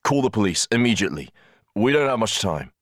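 A man's voice: low voice, animated, normal speed, no room sound, studio quality. A man voicing a practical male train conductor who speaks in a clipped, urgent way.

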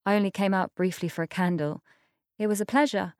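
A woman's voice: medium pitch, fairly even intonation, a little fast, a little mellow, no room sound, clean studio sound, close to an everyday voice. A woman reading aloud and voicing a reserved young woman who stays cool and unfailingly polite.

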